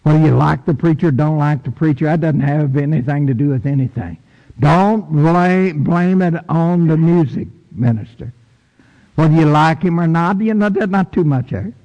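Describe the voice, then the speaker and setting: A man preaching a sermon in a church, folksy and emphatic, with sudden high bursts for stress. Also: moderate pace, creaky, highs cut off. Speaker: pastor. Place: church sanctuary. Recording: long echo of a big hall.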